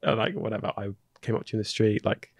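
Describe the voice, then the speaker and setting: A man's voice: lowish voice, fast, no room sound, studio quality. A man from England, a podcast guest in casual chat who tells stories with energy and acts out what others said. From Dorking, England. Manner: animated, acts out the other person's lines in the retelling.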